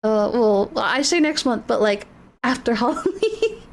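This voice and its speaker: A woman's voice: on the high side, lively intonation, a little slow. A woman streamer in casual livestream chat, rambling and apologetic, emotional, often restarting her sentences.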